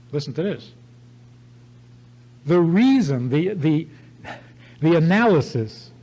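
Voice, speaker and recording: Older man, rabbi, sermon-style talk, emphatic, repeats himself, warm dark tone. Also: fairly high pitch, dull audio. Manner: emphatic storytelling with repeated phrases.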